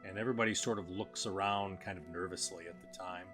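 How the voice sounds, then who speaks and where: Game master narrating a tabletop game; low male voice, hesitant, music behind. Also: fairly even intonation, fast talker. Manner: hesitant, with many fillers and restarts.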